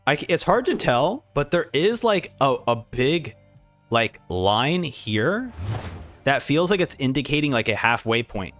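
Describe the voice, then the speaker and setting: A man's voice: mid-range voice, no room sound. A man hosting a casual manga reaction, narrating panels and acting out the dialogue. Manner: animated, acts out dialogue. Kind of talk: casual commentary.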